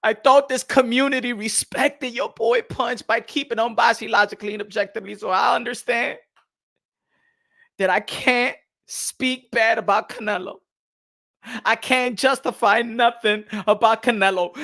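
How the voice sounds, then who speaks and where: A man presenting a boxing vlog, delivering a sarcastic mock apology with theatrical fake sobbing, heavy sighs and whimpers, swinging between soft and loud. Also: extremely high pitch, measured pace, vocal fry, long pauses. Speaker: boxing YouTuber.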